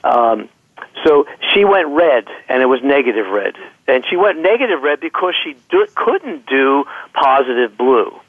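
Man on a tinny phone line, halting. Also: medium pitch, sing-song, no echo. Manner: halting, many restarts and repeated words. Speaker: guest, clinical psychologist. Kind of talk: interview conversation.

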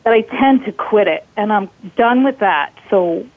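A woman's voice: mid-range voice, lively intonation, normal speed, no echo. A woman from Colorado calling in to a talk show, earnest and grateful. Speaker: caller. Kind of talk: call-in question. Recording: tinny phone line.

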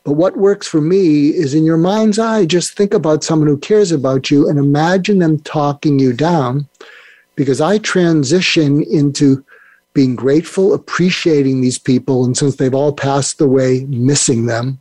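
A man's voice: fairly high pitch, normal speed, darkish tone, dry recording. An older man speaking as a guest on a podcast interview, rambling and restarting his sentences often. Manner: rambling, with many restarts and fillers. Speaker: guest expert.

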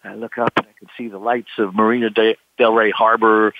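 A man's voice: fairly low pitch, little pitch movement, brisk, no room sound. An older man telling a long personal story, rambling with lots of fillers and acting out the voices of people in it. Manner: rambling, with many "you know" fillers, acts out quoted voices. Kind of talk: casual storytelling. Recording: tinny phone line, dry.

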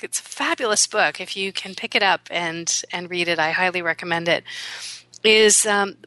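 Woman radio host, middle-aged, smiling and self-deprecating, bright tone, dry close mic. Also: medium pitch, no echo. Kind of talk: reflective casual talk radio monologue.

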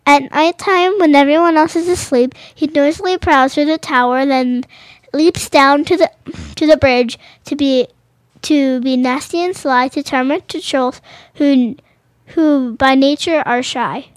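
A woman's voice: high-pitched, measured pace, no room sound. A woman reading children's picture books aloud, stumbling over and rereading phrases and adding casual comments of her own.

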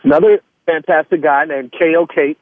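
A man's voice: a little high, fairly even intonation, moderate pace, no room sound. A man who is a musician, a guest in an interview, speaking earnestly and spelling out names and web addresses. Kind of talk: casual interview talk. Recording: tinny dry phone line.

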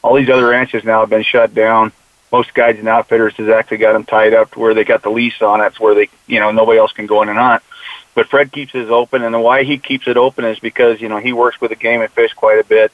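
This man speaks fast in a lowish, level voice. He's a mule deer conservationist and youth hunting mentor from the United States, giving a casual interview in which he earnestly tells stories and often quotes what he tells the kids. The audio is dry and tinny like a phone, with no room sound.

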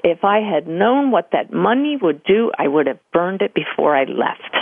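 A woman's voice: lowish voice, moderate pace, vocal fry, slightly rough, dry recording. Older woman on a tinny phone line. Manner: animated storyteller, acts out quoted voices. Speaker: medium, interview guest. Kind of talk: conversational interview storytelling.

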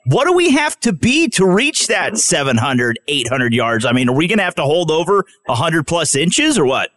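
A man's voice: fairly high pitch, sing-song, normal speed, a bit bright. A man co-hosting a radio show, chatty and joking, asking long questions. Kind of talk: casual radio chat.

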